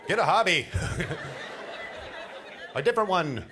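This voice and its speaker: Male stand-up, middle-aged, slightly high and very lively delivery, faint background noise. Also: measured pace, crowd noise. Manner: animated storytelling with laughs and put-on voices. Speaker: stand-up comedian. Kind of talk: stand-up comedy set. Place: cruise ship show lounge.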